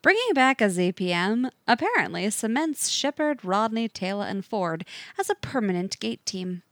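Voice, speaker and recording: A woman narrating a fiction story aloud with an expressive, varied delivery. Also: mid-range voice, moderate pace, no room sound, clean studio sound.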